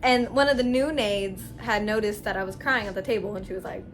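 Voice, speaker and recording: A young adult woman telling a story-time vlog in a slangy, animated way, with big swings in loudness. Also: a little high, fast talker, hardly any pauses, faint music behind. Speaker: vlogger.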